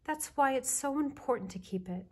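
A woman voicing a gentle, patient mother bear. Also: sits high, moderate pace, husky, voice pushed up. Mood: gentle, reassuring. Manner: calm, reassuring, explains kindly. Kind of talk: children's storybook reading.

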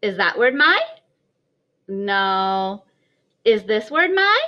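A woman's voice: mid-range voice, sing-song, drawn-out words, long pauses, pushed and bright. A woman teaching a kindergarten writing lesson in a sing-song, encouraging voice for small children. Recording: slightly dull lo-fi audio.

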